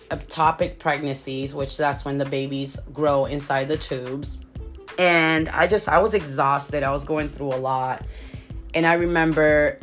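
Woman, deep voice, young adult, personal story, halting, emotional, soft music underneath. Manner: emotional, halting, full of restarts. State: tearful.

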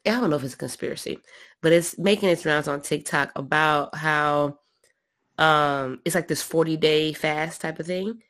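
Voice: mid-range voice, a bit bright. Casual co-host, meandering, searches for names mid-sentence. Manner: rambling, thinks aloud, self-correcting. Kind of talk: casual chat.

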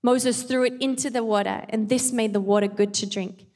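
A woman's voice: medium pitch, steady tone, moderate pace, few pauses, darkish tone. An earnest, chatty woman talks through scripture like a casual devotional, breaking in with self-aware asides. Her voice sits mid-range. It echoes with a long reverb, as if in a large hall. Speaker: devotional speaker and mother. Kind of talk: casual Bible devotional talk.

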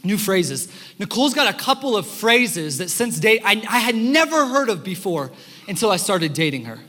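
A young man preaching a sermon as pastor, telling stories in an animated, conversational way with fillers, in a church sanctuary. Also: high-pitched, moderate pace. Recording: long hall reverb in a church.

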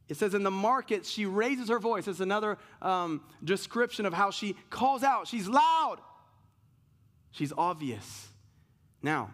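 A man's voice: high voice, fairly bright tone. A man preaching a sermon as pastor, asking rhetorical questions and mixing emphatic lines with casual asides.

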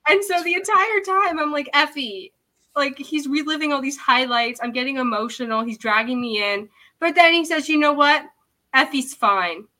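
A woman talks through a story in a casual co-host chat, with a high-pitched, bright voice. She acts out her own reactions as she goes and often laughs mid-sentence. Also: brisk, hardly any pauses, poor audio. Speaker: co-host reviewing wrestling.

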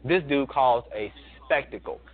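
A man's voice: mid-range voice, normal speed. A man in his thirties telling a story in a casual, emphatic way, with many restarts. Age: 30s. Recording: tinny phone line.

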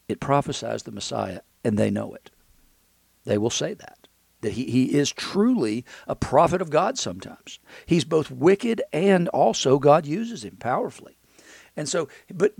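Guy with a gravelly voice going through a bible passage, dry close sound, stops and restarts a lot. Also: mid-range voice, a little mellow, dry recording. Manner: conversational, many restarts, reads scripture aloud. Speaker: Bible teacher. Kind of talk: verse-by-verse Bible teaching.

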